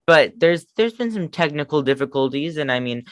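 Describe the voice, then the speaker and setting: A man's voice: on the high side, animated, a little fast, no echo. A man co-hosting a fan podcast, talking eagerly and making fun of his own attempts. The sound is close and dry, with no room around it. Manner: enthusiastic fan talk, self-deprecating. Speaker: podcast co-host. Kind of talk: casual chat.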